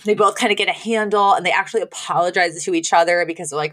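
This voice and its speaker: A woman's voice: on the low side, fast, fairly bright tone. A woman co-hosting a podcast, recapping a TV episode in casual chat, full of fillers and giggles. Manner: chatty, filler-heavy storytelling with frequent giggles. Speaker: podcast co-host.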